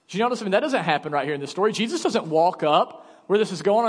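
A man's voice: sits high, animated, fast, hardly any pauses, long reverb tail. A male pastor delivering a sermon in an emphatic, conversational way, speaking in a church sanctuary.

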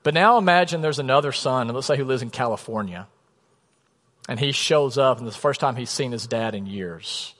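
A pastor in his thirties preaching a sermon, telling stories in a relaxed, conversational way. His voice sits at an ordinary male pitch and often sinks to a quiet, low tone to drive a point home. The sound carries the long reverb of a church sanctuary. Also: normal speed. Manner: storytelling, conversational, drops to a soft low voice for emphasis.

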